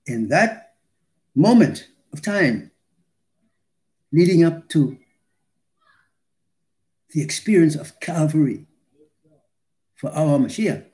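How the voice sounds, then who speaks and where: A man delivers a sermon in a slightly raised voice, measured and unhurried. He pauses between short phrases and leans on key words for emphasis. He reads scripture aloud with deliberate weight. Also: a little high, a little mellow. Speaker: preacher.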